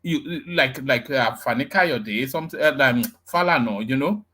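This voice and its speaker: A man speaking on a live online panel, halting, with many stammered restarts. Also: mid-range voice, pushed and bright.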